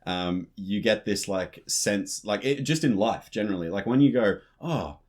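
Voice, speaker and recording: Man, podcast co-host, chatty, animated. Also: lowish voice. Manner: chatty, animated, quick bursts with laughs. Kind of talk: casual chat.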